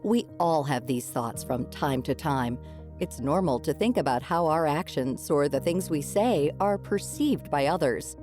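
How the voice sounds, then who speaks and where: A woman host giving scripted radio narration in a smooth, measured read. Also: sits low, animated, darkish tone, faint music behind.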